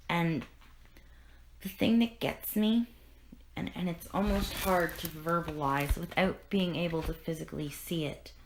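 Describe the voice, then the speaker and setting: A woman hosting a podcast, retelling a comic in an earnest, emotional way with many restarts. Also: on the low side. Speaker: podcast host. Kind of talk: casual comic discussion.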